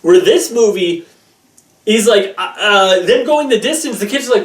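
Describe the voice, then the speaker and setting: A man reviewing a film in a casual, animated way, rambling with lots of fillers. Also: sits high, moderate pace, recorded from a distance. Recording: roomy room, voice off-mic.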